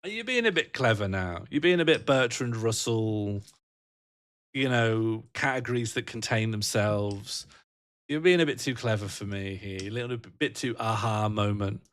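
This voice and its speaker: A man's voice: mid-range voice, lively intonation, normal speed, a bit bright, no echo. Joking man rambling on livestream. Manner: rambling, joking, laughs often, answers chat. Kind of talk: casual livestream chat with viewers.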